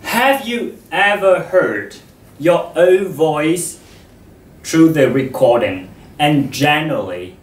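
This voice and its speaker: A man giving a public talk to an audience about voice, speaking in a slow, measured, expressive way. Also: fairly high pitch. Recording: echoey hall, distant mic.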